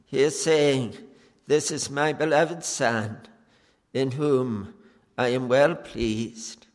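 A man preaching a sermon, earnest and pleading, with long pauses between phrases. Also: mid-range voice. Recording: long reverb of a church hall.

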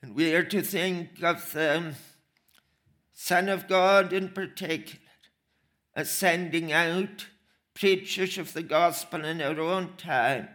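Guy preaching slow, kinda higher voice, leans hard on repeated words. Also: steady tone, sharp tone. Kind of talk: sermon.

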